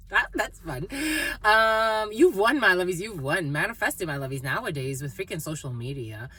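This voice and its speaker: A woman doing a casual, rambling intuitive reading, playful and quick to laugh. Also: fairly low pitch, expressive, fairly bright tone, breathy edge, dry recording. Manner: rambling, playful, laughs often, terms of endearment. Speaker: psychic tarot reader.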